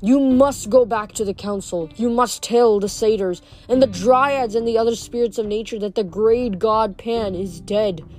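A woman voicing an ancient, fading male nature god, speaking softly and sorrowfully. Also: fairly high pitch, close to an everyday voice. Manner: soft, slow, sorrowful delivery.

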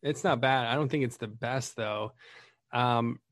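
A man's voice: medium pitch, a little slow. A man hosting a casual chat, rambling and laughing often as he talks shop. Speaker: podcast host, Medicare marketer.

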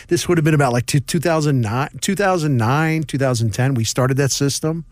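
A middle-aged man recounts old newspaper stories with an animated, bursty delivery and easy laughs. His voice sits at an ordinary middle pitch. The sound is dry and close. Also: normal speed, no echo. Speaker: sports columnist, guest. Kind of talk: casual interview storytelling.

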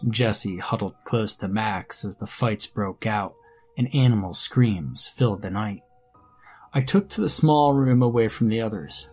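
A man narrating a first-person horror story in a measured, grim storytelling manner. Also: lowish voice, breathy edge. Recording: faint background music under narration.

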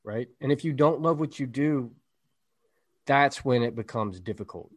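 Brief: male podcast co-host, mid-pitched, casual, motivational and emphatic. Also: moderate pace. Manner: motivational, emphatic, lots of "right?".

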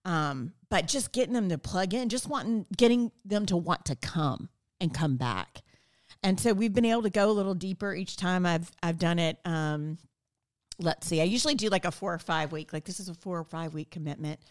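A middle-aged woman, a podcast guest, telling stories in casual conversation and acting out quoted lines with lively energy. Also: on the low side, normal speed. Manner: animated, acts out quoted dialogue. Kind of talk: casual storytelling interview.

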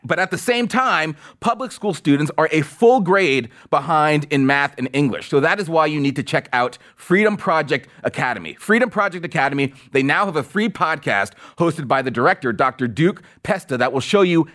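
A man hosting a political commentary podcast, full of sarcasm and mockery. His voice sits fairly high for a man and swings widely in pitch. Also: moderate pace, hardly any pauses. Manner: sarcastic, mocking and animated. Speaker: podcast host.

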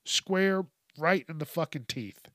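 Slow-talking man in a mocking comedy rant. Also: a little high, fairly bright tone, dry recording, clean studio sound. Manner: mocking, laughs often, heavy swearing. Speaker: host. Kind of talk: profane comedic news rant.

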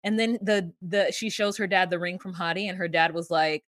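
A woman's voice: on the low side, fairly even intonation, fairly quick, hardly any pauses, a bit bright, no room sound, studio quality. A woman co-hosting a podcast, casually recapping a reality show with sarcastic, profane commentary and acted-out quotes. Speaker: podcast co-host.

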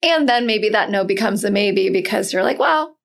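A woman's voice: medium pitch, creaky. A woman hosting an interview, asking questions and reacting with eager agreement and laughter. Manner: enthusiastic, quick to agree and react. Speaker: interview host. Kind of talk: casual interview chat.

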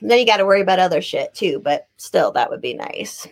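A woman's voice: on the low side, lively intonation, fairly quick. A woman guesting on a podcast, talking bluntly and crudely in casual banter.

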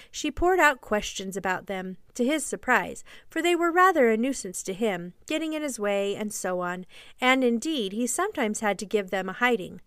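A woman narrating a classic children's story as a podcast storyteller, gently and evenly paced. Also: fairly high pitch, dry recording, studio quality.

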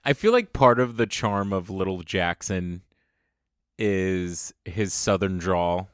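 Low-voiced man co-hosting casually. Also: slow, dry recording, clean studio sound. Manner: relaxed, laughs along, tells stories with tangents. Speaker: podcast co-host. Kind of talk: casual chat recapping a reality show.

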